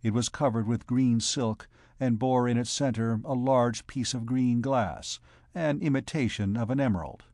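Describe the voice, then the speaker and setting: A man narrating a classic novel as an audiobook in a steady, even reading. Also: medium pitch, moderate pace, no room sound, studio quality. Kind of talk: scripted narration.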